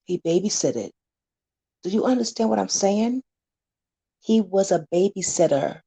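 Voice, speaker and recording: A woman's voice: deep voice, gravelly, mellow, husky. A woman community advocate talking casually to camera, blunt and candid, warning her viewers and acting out scenes to make her point.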